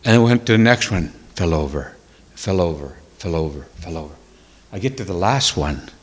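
A man telling a personal testimony in a sermon, emotional and tearful, dropping to hushed whispers and rising to loud exclamations. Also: low-pitched, lively intonation, moderate pace, long reverb tail. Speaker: preacher.

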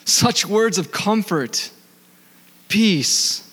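A man with an accent preaching to a congregation, his voice fairly high for a man. He keeps putting questions to the listeners and then answering them, and he reads the scripture passages slowly. The voice carries a long reverb from the hall. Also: a bit bright. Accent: non-native accent. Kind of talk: sermon.

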